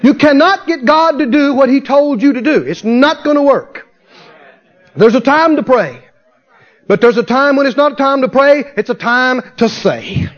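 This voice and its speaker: A man's voice: very high voice, expressive, normal speed. A man preaching a fervent sermon, firing rhetorical questions at his congregation and answering them himself. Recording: dull lo-fi sermon recording.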